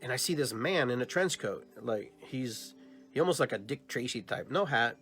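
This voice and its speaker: A man's voice: medium pitch, normal speed, soft background music. A man hosting a podcast, telling a personal dream story and acting out both sides of the conversations. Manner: animated retelling, acts out both sides of dialogues; long trailing phrases with filler and restarts. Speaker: podcast host.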